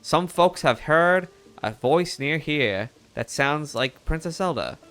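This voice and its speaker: A man voicing a chatty male bird reporter from a video game, reading the lines aloud with lively rises in pitch. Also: slow pace, smooth.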